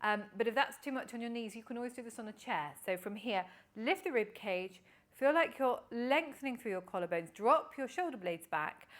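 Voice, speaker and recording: Woman calmly guiding a Pilates class. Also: on the high side, moderate pace. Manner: calm, encouraging counting cues. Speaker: Pilates instructor. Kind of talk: guided exercise class instruction.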